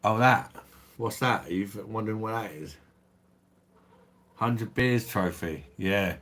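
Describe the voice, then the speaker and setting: A man's voice: fairly low pitch, unhurried, a bit bright. A man with a South East London accent hosting a casual livestream, answering viewer comments with laid-back blokey banter and the odd swear. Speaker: livestream host.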